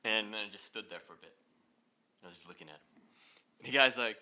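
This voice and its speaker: A man giving an inspirational talk to a live audience, telling a story in a lively way and laughing often. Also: on the low side, fast, pauses often. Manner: animated, laughing as he acts out the story. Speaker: speaker leading a heart talk. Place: event hall.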